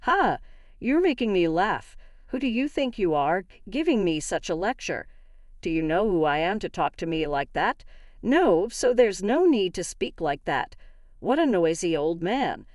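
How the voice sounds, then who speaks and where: A woman voicing a rude, arrogant male company director who shouts and sneers with disdain. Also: mid-range voice, sing-song, unhurried, no room sound, clean studio sound. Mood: sneering.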